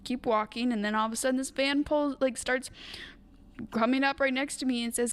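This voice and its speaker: Young woman, high voice, casual podcast chat, rambling, swears freely. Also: fairly even intonation, brisk. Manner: swears freely, laughs often, rambling storytelling. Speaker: podcast co-host.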